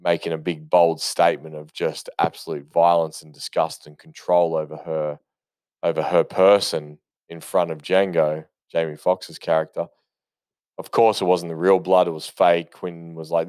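Man, very low and smooth voice, dry close sound, casual movie chat, rambling and profane. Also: steady tone, moderate pace, a little mellow, dry recording. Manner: rambling, profane, enthusiastic storytelling with many fillers. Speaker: movie commentator. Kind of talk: casual spoken movie commentary.

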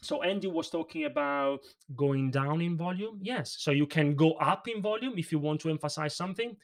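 A man who is not an English speaker, a presentation coach explaining vocal technique in a livestream interview, animated and practical. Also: a little high, moderate pace, distant mic.

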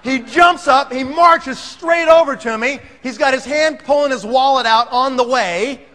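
A man telling a story to an audience, animated and acting out the scene. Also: extremely high pitch, unhurried. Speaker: speaker telling a sales story. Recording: long hall reverb.

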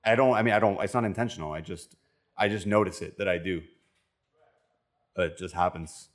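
Young man, Miami accent, lower voice, animated co-host chatter. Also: brisk. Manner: animated, joking, swearing. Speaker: podcast co-host. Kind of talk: casual chat.

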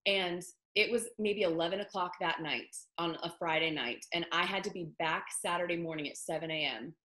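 Chatty young woman, bright voice. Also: fairly low pitch, brisk. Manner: chatty, many fillers like "um" and "like". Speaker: country singer guest. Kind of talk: casual interview chat. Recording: echoey room.

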